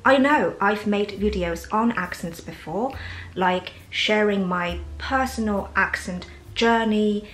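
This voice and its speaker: A woman from China speaking English with a learned British accent, talking candidly and reflectively as a vlog host, with soft fillers and a Chinese mother tongue. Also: mid-range voice, slow. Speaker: English teacher and channel host. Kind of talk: casual personal vlog monologue. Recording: roomy echo with faint background music.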